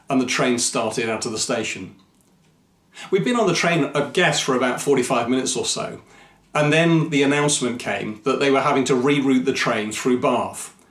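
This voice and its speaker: A man, a Christian mission speaker, telling a personal story to camera in an earnest, measured, reflective way. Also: medium pitch. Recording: echoey room.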